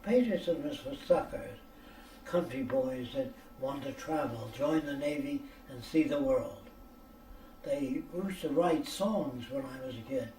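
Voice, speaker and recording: An older American man, speaking in a slightly high, expressive, mellow voice at a measured pace, answers questions in a private room with rambling, lecture-like stories. He's blunt and profane and often checks that listeners are following. The echoey recording, made with a distant mic, carries faint ambience and a little hiss or hum.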